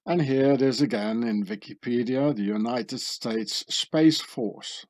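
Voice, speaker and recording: Slow, dark-voiced man with sardonic asides. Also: medium pitch. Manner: sardonic, conspiratorial asides with tag questions. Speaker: channel host. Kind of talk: screen-share commentary.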